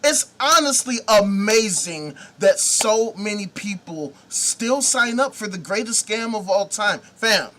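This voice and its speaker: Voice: mid-range voice, expressive, slow pace, hardly any pauses, bright, forceful tone. A host delivering a profane comedic rant, sarcastic and mocking, swearing freely.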